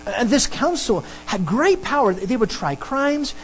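A pastor preaching a sermon and teaching through a Bible passage, emphatic and animated. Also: unhurried, slight background noise, poor audio. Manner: animated, emphatic preaching with sudden pitch jumps.

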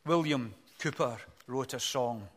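Earnest older man preaching. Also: mid-range voice. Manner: earnest, builds to emphatic peaks, then drops soft and slow. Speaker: pastor. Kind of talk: sermon.

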